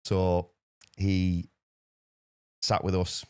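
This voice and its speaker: His voice sits low and smooth, in a clean studio recording without echo. He's a UK man appearing as a podcast guest, spinning a casual, fast, animated story full of repeated words.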